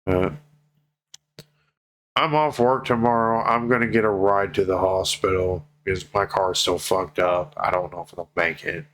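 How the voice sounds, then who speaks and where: A man with a very deep, low voice talks straight to his viewers in a personal vlog. He sounds tearful and heartfelt, swearing freely as he slows down to press each plea home. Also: fairly even intonation, fairly bright tone, poor audio. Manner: heartfelt, swears freely, slow pleading emphasis. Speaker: vlogger.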